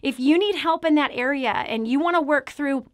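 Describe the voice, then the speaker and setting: A woman's voice: high-pitched, moderate pace. A middle-aged woman giving an earnest motivational talk on parenting, speaking straight to the viewer and calling them friend. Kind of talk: direct-to-camera motivational talk.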